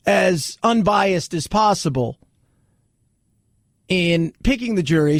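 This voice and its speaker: A man's voice: sits high, dry recording, studio quality. A man hosting a talk radio show, chatting casually in a wry, sarcastic way.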